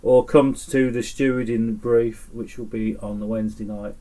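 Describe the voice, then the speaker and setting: An English man with a rambling, animated way of talking, a festival stage organiser chatting as a guest on a podcast recorded on a houseboat. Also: fairly low pitch, moderate pace, low-quality recording. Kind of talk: casual chat.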